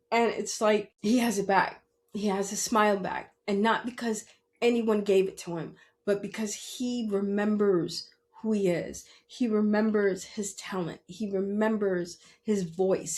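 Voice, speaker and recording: A woman's voice: mid-range voice, a little mellow. A middle-aged woman hosting a podcast, talking earnestly and tearfully about parenting, often repeating herself and asking "you understand?". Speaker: podcast host. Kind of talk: emotional personal monologue.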